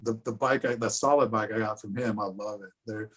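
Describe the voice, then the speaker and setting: A man's voice: lowish voice, steady tone, fairly quick, husky. A man from California, a podcast guest telling a laid-back story. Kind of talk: casual podcast chat.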